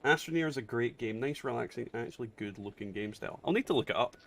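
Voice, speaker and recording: A man hosting a game stream, chatting casually and swearing often in animated banter. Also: medium pitch, fast talker. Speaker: streamer host. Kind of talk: casual gaming chat.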